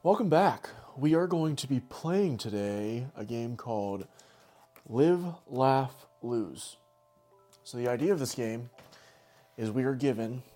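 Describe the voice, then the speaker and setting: A man's voice: mid-range voice, warm tone. A young man hosting a casual podcast game, laughing often and teasing his co-host.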